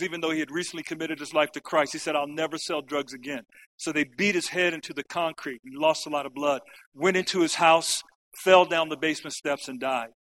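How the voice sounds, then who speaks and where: A man's voice: fairly high pitch, fairly bright tone, rough recording. A middle-aged man from the United States, a camp speaker giving a personal testimony talk and briefly acting out the lines of people in his story.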